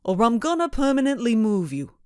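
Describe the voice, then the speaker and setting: A woman voicing a squat, brutish thug with a thick New England accent, gruff and threatening, in an audiobook reading. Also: a little high, very animated, fairly quick, dry recording, clean studio sound, pitched above the performer's own voice. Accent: New England, put on for the figure. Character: squat thuggish man, menacing, brutish.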